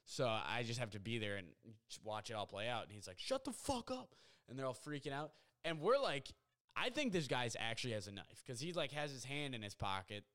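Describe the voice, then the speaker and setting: A man's voice: medium pitch, a little fast. Rambling young man telling a story. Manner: rambling, filler-heavy, excitable retelling. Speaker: podcast host. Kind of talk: casual storytelling monologue. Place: apartment at home.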